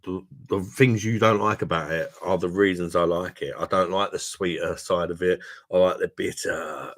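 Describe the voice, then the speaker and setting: Tipsy deep-voiced man, chatting. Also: fairly even intonation, normal speed, fairly bright tone. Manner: swearing, laughing, says "mate" a lot. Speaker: livestream host reading viewer comments. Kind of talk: casual chat.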